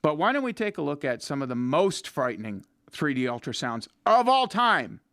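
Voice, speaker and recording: A man's voice: on the high side, very animated, moderate pace, fairly bright tone, dry recording, clean studio sound. A man hosting a podcast, chatting casually and joking with a guest. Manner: joking, laughs often. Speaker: podcast host. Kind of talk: casual chat.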